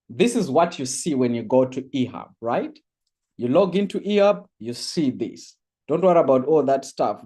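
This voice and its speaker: A man running a live online course orientation, reading chat answers aloud with lots of laughs and exclamations. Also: mid-range voice. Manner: animated, reads chat aloud, laughs often.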